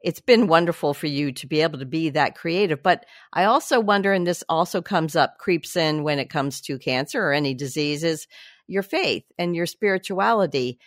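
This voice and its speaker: A woman's voice: deep voice, animated, normal speed, no room sound, clean studio sound. A woman hosting an interview, earnest and reflective as she asks her questions. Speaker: interview host. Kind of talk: conversational interview.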